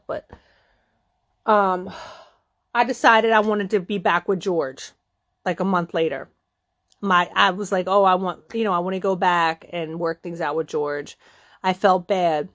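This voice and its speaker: Telling a story in a loose, foul-mouthed style, a middle-aged woman performs the quoted lines with abrupt jumps in pitch.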